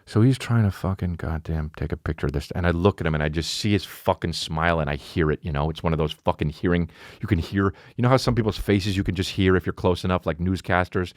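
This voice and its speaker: A man hosting a podcast, telling a comic story as a profane, animated rant that keeps interrupting itself. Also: low voice, fast talker, hardly any pauses, no echo, clean studio sound. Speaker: podcast host. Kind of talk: comedic storytelling monologue.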